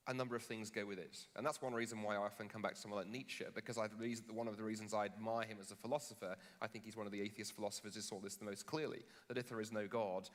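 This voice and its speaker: Bright-voiced man debating on stage. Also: lowish voice. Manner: jokey, animated storytelling with many restarts. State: jet lagged. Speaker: Christian philosopher debater. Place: large conference hall on stage. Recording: long hall reverb.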